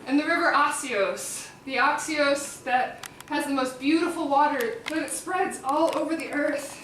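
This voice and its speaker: Speaking with a Chicago accent, a woman performs an ancient epic as live storytelling, pausing between recited lines for casual asides and laughter. Her voice sits high and a bit bright, with a measured pace. She's a performer-translator, recorded from afar in an echoey hall, with a little hiss or hum and the mic far away.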